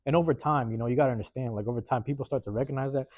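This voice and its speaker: A man from the West Coast hosts his podcast in loose, streetwise slang, dropping curses and tagging "man" onto his lines. His voice sits in a middle pitch. The recording is dry and a little dull. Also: rapid-fire, no room sound. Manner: slangy and profane, full of "man" and "bruh" tags; acts out quoted neighbors in lively put-on voices. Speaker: podcast host. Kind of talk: casual storytelling monologue.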